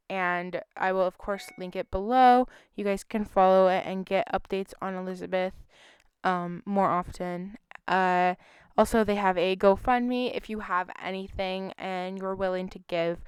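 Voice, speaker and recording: Smooth-voiced woman making an earnest plea. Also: lowish voice, no room sound, studio quality. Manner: heartfelt, emotional, pleading. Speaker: missing-persons channel host. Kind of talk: earnest appeal to viewers.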